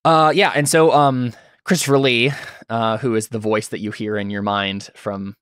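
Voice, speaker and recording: A man's voice: mid-range voice, fairly even intonation, normal speed, fairly bright tone, clear, resonant tone, dry recording. Male game master, dry close mic, patient rules explanations, lots of ums. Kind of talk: running a tabletop game online.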